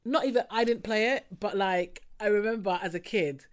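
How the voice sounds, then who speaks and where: A woman's voice: medium pitch, moderate pace. A woman hosting a podcast, chatting casually and teasing her co-host. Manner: cheeky, teasing, laughs often. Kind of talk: casual chat.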